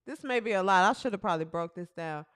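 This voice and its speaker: A woman's voice: medium pitch, fast talker, clean tone. A woman hosting a casual livestream podcast, chatting with her live chat and reading out team rosters. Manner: chatty, animated, talks to the live chat and fumbles with her setup. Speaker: podcast host. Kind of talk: casual livestream chat about women's basketball.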